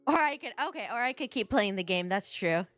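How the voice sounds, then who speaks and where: A woman streaming a game live, talking to her chat and breaking into excited squeals. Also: medium pitch, brisk, no echo, soft background music.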